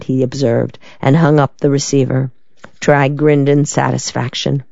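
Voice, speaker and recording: An audiobook narrator reading a crime story in an even, measured way. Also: mid-range voice, gravelly, dry recording, dull audio. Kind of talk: scripted narration.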